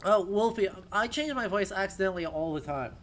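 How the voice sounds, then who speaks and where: A man's voice: high-pitched, expressive, a little fast, a little hiss or hum. A man streaming a video game, joking and sarcastic, sometimes slipping into a mock announcer voice. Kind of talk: casual let's-play commentary.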